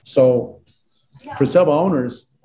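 A man's voice: fairly high pitch, measured pace, dark tone, low-quality recording. A man from Lebanon, a real estate agent and interview guest, telling stories animatedly and acting out dialogue with frequent fillers.

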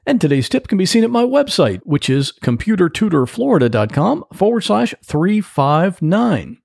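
Chatty man with a gravelly, lively voice. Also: high voice, moderate pace. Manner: chatty, folksy, plain-spoken. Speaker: podcast host, computer repair tech. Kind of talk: solo podcast monologue. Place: home office.

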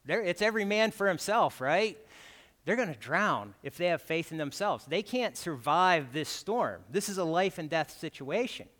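A man's voice: a little high, lively intonation, moderate pace, a bit bright. A man giving a guest sermon in a conversational way, often tagging his points with "right?". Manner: conversational, keeps asking "right?". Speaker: guest preacher. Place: church. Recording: church hall with long reverb.

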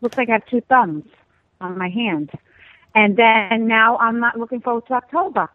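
A middle-aged woman calling in by phone, telling stories about herself in an animated, self-mocking way. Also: on the high side, normal speed, no echo. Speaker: guest caller, host's mother. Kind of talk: phone-in chat. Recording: tinny, dry phone line.

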